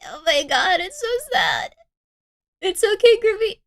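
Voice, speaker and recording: A woman's voice: extremely high pitch, huge pitch swings, measured pace. A woman streaming live, talking casually to her chat in a gushing, rambling way that repeats itself.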